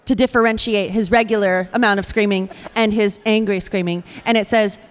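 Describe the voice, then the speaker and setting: A woman voice actor chatting on a convention panel, telling animated stories full of laughter in a hall. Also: mid-range voice, fairly quick, smooth. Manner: giggly, animated storyteller acting out quotes. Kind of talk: casual convention panel chat.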